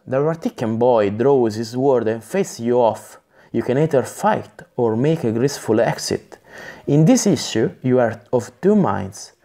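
Guy streaming a gamebook read, halting, chatty asides, fixes his slips. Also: mid-range voice, animated, mellow. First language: Italian. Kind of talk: live-streamed gamebook reading.

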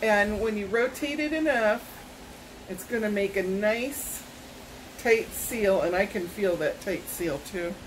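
A woman's voice: medium pitch, takes it slowly, a little hiss or hum, low-quality recording. A woman, vlogging a casual product unboxing at home, chatty and rambling with self-corrections. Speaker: YouTube vlogger.

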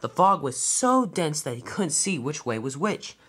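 Lively storyteller narrating a toy train tale. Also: mid-range voice, unhurried, slightly rough.

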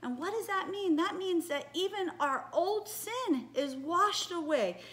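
A woman with a notably high, bright-pitched voice leads a children's church message. She tells the story in an animated, coaxing way and keeps stopping to ask the children questions. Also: a little slow. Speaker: children's ministry leader.

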